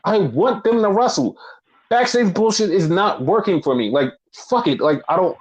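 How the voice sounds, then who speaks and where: A man co-hosting a casual wrestling recap podcast, blunt and profane, talking in an animated, opinionated way. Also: sits high, normal speed, slightly rough. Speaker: podcast co-host. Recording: dull lo-fi podcast audio.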